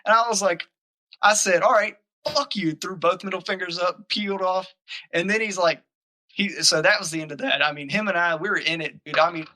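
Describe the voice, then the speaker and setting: A man's voice: sits high, a little fast, a little hiss or hum, rough recording. A young man telling a profane story in casual chat, acting out the arguments. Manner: profane, animated, acts out quoted arguments. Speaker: podcast guest telling a story.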